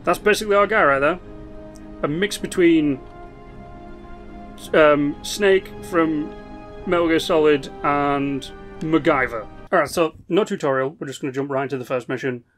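A man giving casual commentary as he plays a strategy game, explaining its mechanics with quick asides and restarts. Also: a little high, fairly bright tone, soft background music. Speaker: gaming video host.

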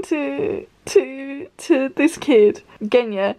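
A young woman vlogging her reactions as she reads, excitable and swearing, with frequent gasps and laughter. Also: sits high, unhurried. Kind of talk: reading reaction vlog.

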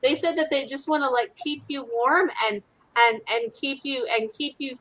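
A woman's voice: sits high, normal speed, fairly bright tone, rough recording. A woman working as an animal communicator, chatting casually in a bubbly way and acting out what animals say in quoted voices. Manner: bubbly, acts out voices in quotes, many "like" fillers. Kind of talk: casual chat.

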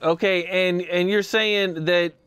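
High, smooth-voiced man asking questions. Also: slow, no room sound. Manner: calm, brief questions. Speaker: interview host. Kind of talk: interview questions.

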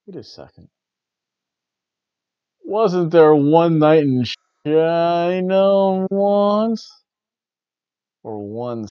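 A man's voice: on the high side, lively intonation, extremely slow, pauses often, clean tone, dry recording, muffled recording. A man hosting a wrestling review show, rambling in casual chat with wry, jokey asides. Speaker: wrestling review podcast host.

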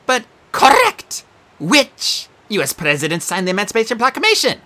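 A woman's voice: huge pitch swings, moderate pace, sharp tone, heavily acted. Woman voicing a fussy sphinx quizmaster. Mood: snippy. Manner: prim, snappish, high and drawn out.

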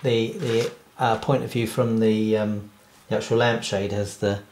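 Slow rambling cartoonist guy, jokey and self-deprecating, echoey room. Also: fairly low pitch, steady tone, a little mellow, a little hiss or hum. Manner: rambling, self-deprecating, laughs at own jokes. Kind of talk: casual drawing tutorial. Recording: roomy echo.

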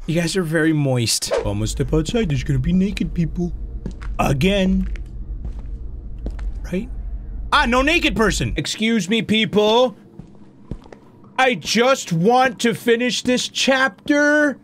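A young man with a high, bouncy voice talks through a horror game as he plays it. He swings between low muttering and sudden yells, swearing freely. He sounds jumpy and excitable throughout. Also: slow pace, pauses often, slight background noise. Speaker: gaming video host. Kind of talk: live horror game commentary.

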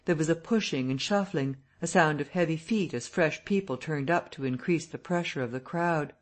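A man reading a classic novel aloud as an audiobook narrator, telling the story in a steady, even way. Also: fairly high pitch, normal speed.

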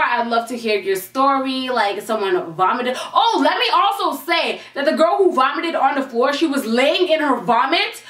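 A young woman vlogger telling a storytime in an animated, slangy way, swearing freely. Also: sits high. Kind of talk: storytime vlog. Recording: echoey room, mic at a distance.

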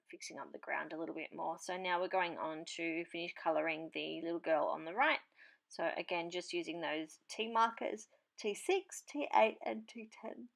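Woman, papercraft tutorial host; low voice with gravelly fry, relaxed chatty delivery while working. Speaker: papercraft host demonstrating marker colouring. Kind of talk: casual tutorial voice-over.

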